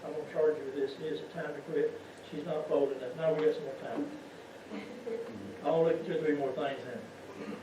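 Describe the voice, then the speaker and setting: Brisk and fairly high-pitched, with fairly even intonation, the man preaches as a layman in a folksy style, repeatedly asking the congregation rhetorical questions. The church sanctuary recording is noisy, echoey and muffled from a distance.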